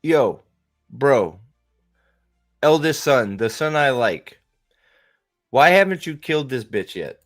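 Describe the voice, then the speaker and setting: A man's voice: mid-range voice, very animated, takes it slowly, pauses often, soft background music. A man mocking a crude alien hunter father. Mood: scornful. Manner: casual slangy mock dialogue.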